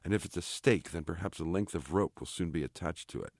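Deep-voiced man reading his novel. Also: a little fast, darkish tone, no echo, studio quality. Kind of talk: literary reading.

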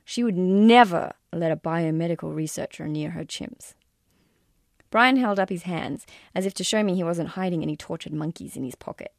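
A woman's voice: fairly low pitch, moderate pace, gravelly, no room sound, clean studio sound. A woman reading aloud from her own memoir in a wry, self-deprecating way. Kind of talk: audiobook-style memoir reading.

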